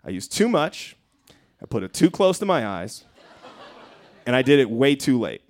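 A man telling a comedic story on a live stage, animated and profane, laughing through his own lines. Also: mid-range voice, moderate pace.

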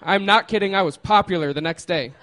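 A man's voice: high-pitched, fairly quick, pushed and bright. Laughing man telling a story. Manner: casual and laughing, with lots of fillers.

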